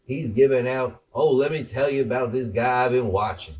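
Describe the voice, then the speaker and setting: A man's voice: medium pitch, moderate pace, hardly any pauses, darkish tone, recorded from a distance. A man co-hosting a casual podcast, telling rambling stories with some profanity. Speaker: podcast co-host. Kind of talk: casual chat.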